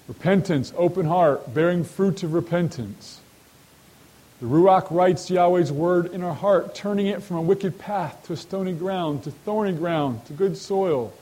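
A man with a slightly higher voice leads a Bible study in a sermon style. He keeps turning to his listeners with quick rhetorical questions. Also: dark tone, low-quality recording. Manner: asks rhetorical questions and addresses listeners directly. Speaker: Bible teacher.

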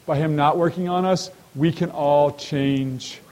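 A man's voice: fairly high pitch, fairly even intonation, measured pace, a little mellow, low-quality recording. A man leading a sermon-style Bible study, who often asks his listeners rhetorical questions and speaks to them directly. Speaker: Bible teacher.

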